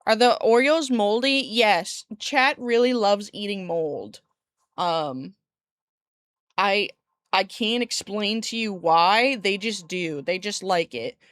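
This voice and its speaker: A woman's voice: medium pitch, takes it slowly, a bit bright, no echo, clean studio sound. A woman streaming live, chatting casually with viewers in a rambling way, laughing often and swearing lightly. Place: room at home by a window. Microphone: desk streaming mic.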